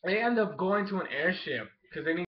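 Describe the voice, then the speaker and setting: Man, high-pitched, excitable, rambling casual review, lots of fillers, dull lo-fi audio. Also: fairly quick. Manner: excitable, rambling, heavy use of "like" and "oh my gosh". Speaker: anime show reviewer. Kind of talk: casual episode recap review.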